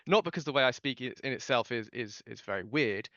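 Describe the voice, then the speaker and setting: A man's voice: mid-range voice, a little fast, a bit bright, no room sound. A man from southern England with a received pronunciation accent, speaking thoughtfully with frequent hesitations. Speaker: podcast guest. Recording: slightly dull, lo-fi sound.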